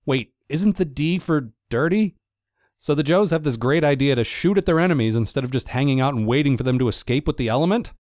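A man's voice: medium pitch, animated, brisk, a little mellow, no echo, clean studio sound. A man narrating a comedic recap of a cartoon episode, with sarcastic, wry asides. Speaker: cartoon reviewer.

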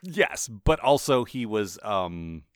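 A man co-hosting a podcast in casual chat, laughing often and slipping into quick character voices. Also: lowish voice, smooth, no room sound, studio quality. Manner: chatty, laughs often, lively voice impressions. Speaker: podcast co-host.

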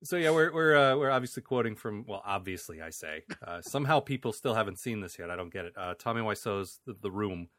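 Podcast host, male, slightly low, loose rambling delivery, dry studio sound. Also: animated, fast, few pauses, fairly bright tone, no echo. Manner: rambling with frequent restarts and laughs. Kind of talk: casual chat.

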